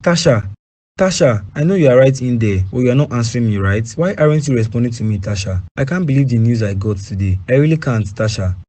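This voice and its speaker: A man with a Nigerian accent voicing a violent, jealous boyfriend in a cartoon drama, with a husky voice. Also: mid-range voice, lively intonation, quick pace, dark tone, lightly acted. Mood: menacing.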